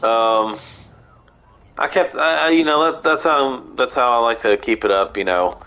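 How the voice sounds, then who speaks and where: A man's voice: mid-range voice, bright, forceful tone, clear, resonant tone. Rambling sick young-sounding man streaming. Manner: rambling, halting with many restarts. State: sick and nasal. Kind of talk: casual gameplay stream chat. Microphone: headset mic through console.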